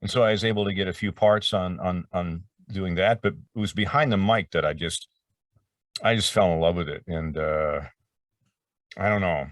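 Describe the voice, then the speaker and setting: A man's voice: low voice, normal speed, no echo, studio quality, recorded from a distance. A middle-aged man telling stories as an interview guest, rambling and breaking off mid-sentence, acting out what people said. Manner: rambling, self-interrupting, acts out quotes. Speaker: voice actor guest. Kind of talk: casual interview storytelling.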